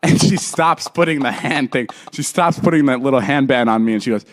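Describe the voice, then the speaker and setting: A man hosting a podcast, trading jokey deadpan comebacks while telling a story in casual chat. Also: medium pitch, fairly quick. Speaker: podcast host.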